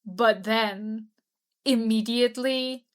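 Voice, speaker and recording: A woman's voice: on the high side, fairly even intonation, slow. A woman co-hosting a casual book discussion podcast, blunt and sarcastic with casual swearing. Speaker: book club podcast co-host.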